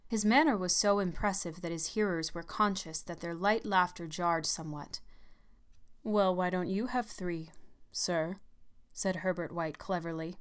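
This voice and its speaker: A woman narrating a story in a measured, calm reading voice. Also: lowish voice.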